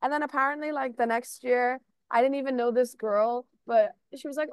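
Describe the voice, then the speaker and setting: A young woman guest on a podcast, chatting casually and telling animated stories, acting out the quoted lines with lots of "like". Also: high voice, brisk, smooth, no echo. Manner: animated storytelling, acts out quotes, frequent "like". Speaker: artist guest.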